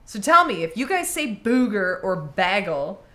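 A woman from Michigan co-hosting a podcast, chatting casually in an animated, teasing way. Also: mid-range voice. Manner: animated, teasing, quick to joke. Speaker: podcast co-host. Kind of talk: casual chat.

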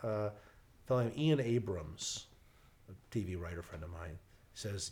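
Man telling a lively anecdote. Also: low voice, moderate pace, a little hiss or hum. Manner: animated, acts out quoted voices, restarts. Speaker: storyteller guest. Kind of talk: casual anecdote.

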